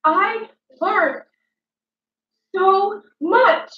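Woman voicing a dramatic influencer rant, slow and bright, swearing and repetitive, mic back in an echoey room. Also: extremely high pitch, distant mic, dull audio, heavily acted. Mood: defiant. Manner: emotional, repetitive ranting with swearing. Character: dramatic adult female influencer ranting at critics.

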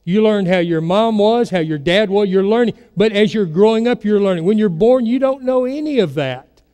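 A man's voice: sits high, moderate pace, mellow, smooth, in a large hall. A man preaching a sermon as pastor, telling stories and putting questions to his congregation. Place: church sanctuary.

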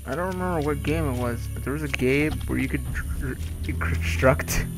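A man's voice: fairly high pitch, moderate pace. A young man rambling casually as he comments on a game he is playing, chatty and laughing often. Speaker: let's play host. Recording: game music clearly behind.

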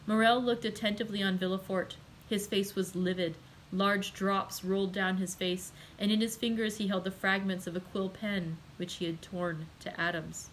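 Woman, librarian, read-aloud narration, steady and measured. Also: medium pitch, a little hiss or hum, low-quality recording. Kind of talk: audiobook narration.

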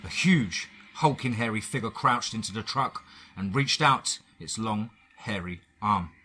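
A man with an English accent narrating a first-person horror story dramatically, with pauses and shifting loudness. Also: on the low side, lively intonation, slight background noise.

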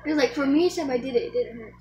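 A woman's voice: sits high, rapid-fire, a little mellow, slight background noise. Giggly young woman in an echoey room. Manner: giggly, laughing through her words. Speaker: vlogger. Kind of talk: casual vlog chat.

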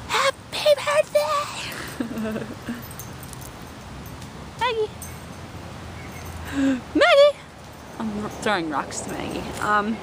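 In a very noisy recording, a young woman with a fairly low voice rambles casually to her camera. She's a vlogger, and her chat is packed with filler words.

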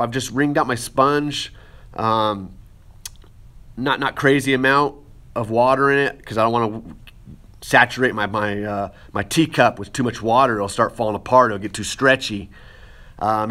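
A man's voice: medium pitch, bright, forceful tone. A man in the middle of a hands-on pottery lesson, talking students through each step as he works the clay. His delivery is casual and chatty, with playful asides thrown in between the instructions. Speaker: art teacher.

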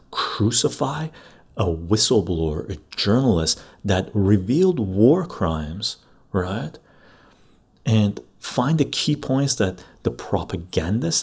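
A man's voice: lowish voice, vocal fry, darkish tone, husky. A middle-aged man hosting a live stream, talking bluntly and emphatically, often tagging sentences with "right?". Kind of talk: opinionated live-stream monologue.

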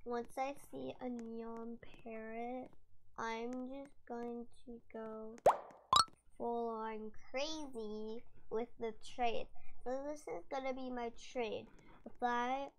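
A young woman commentating her gameplay with excitement, gushing and squealing over her finds. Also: fairly high pitch, takes it slowly, background noise. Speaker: gaming vlogger.

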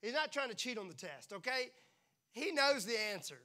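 A man preaching a sermon to a congregation, playful and animated, acting out quick little voices as he talks. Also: very high voice. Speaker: pastor. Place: church.

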